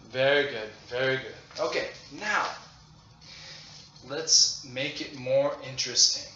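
Bright, slow-speaking male English teacher. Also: a little high, expressive. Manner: slow, deliberate, repeating phrases for learners. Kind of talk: demo lesson for children. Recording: roomy, dull lo-fi audio with faint noise.

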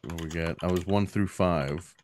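A man playing in a tabletop game, joking and talking in quick, excited bursts. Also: low voice, a little hiss or hum. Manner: joking, animated, quick restarts. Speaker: player. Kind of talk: casual tabletop game chat.

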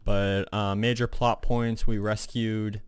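A male gaming host rambling through casual let's-play commentary, full of fillers. His low voice is smooth and clear, recorded dry and close. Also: flat delivery, slow, dry recording.

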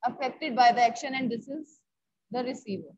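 High-voiced Indian English woman teaching. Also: moderate pace, dull audio. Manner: repeats key words, checks with students often. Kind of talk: online class lesson.

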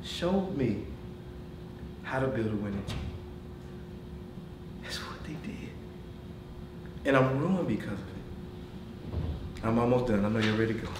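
A man in his forties giving a motivational speech to a business team, telling animated stories, laughing as he goes and addressing the audience directly. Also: mid-range voice, normal speed, pauses often. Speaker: motivational speaker. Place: corporate meeting room. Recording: echoey room from far off, noisy.

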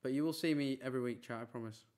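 A male streamer chats casually on a live stream, reading his chat in a relaxed, talkative manner with an unforced, mid-pitched voice. He's laid-back and brushes off teasing without hesitation.

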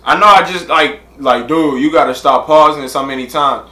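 A man's voice: a little high, normal speed, sharp tone, echoey room. A young man hosting a casual reaction vlog, talking in loose slangy banter with lots of fillers. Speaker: reaction channel host.

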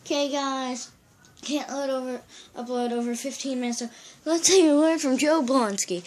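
A woman vlogging at home in a casual way, excitable and giggly, coaxing her pet to come over. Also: high-pitched, moderate pace. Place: at home, indoors.

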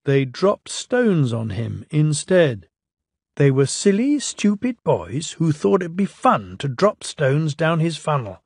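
A man reading a children's storybook aloud in a lilting, expressive way. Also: fairly high pitch, slow, vocal fry, slightly rough, no echo, clean studio sound. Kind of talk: storybook narration.

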